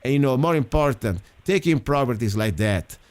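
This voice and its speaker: A man's voice: medium pitch, expressive, moderate pace. A man hosting a small local show, talking in a frustrated, indignant rant. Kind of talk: heated talk-show monologue.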